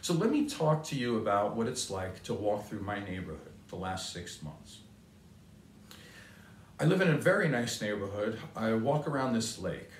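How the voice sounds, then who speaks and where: A man's voice: fairly low pitch, sing-song, moderate pace, slight background noise. An older man giving a motivational talk with a personal story, earnest and conversational, repeating his key points. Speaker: motivational speaker. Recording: roomy sound from a distance.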